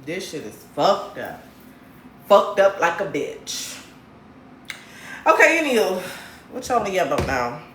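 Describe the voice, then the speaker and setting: Woman from Michigan, livestream host, blunt and profane, lively swooping pitch, roomy echo. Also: normal speed, slight background noise. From Grand Rapids, Michigan, USA. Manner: blunt, profane, animated ranting. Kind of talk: casual livestream chat with viewers. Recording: roomy echo, faint background ambience.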